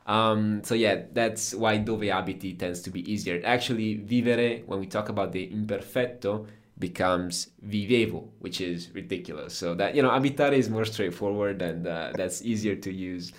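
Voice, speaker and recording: A man's voice: fairly low pitch, moderate pace. A man with an Italian accent, a native Italian speaker, patiently explaining Italian grammar as the teacher of a conversational lesson.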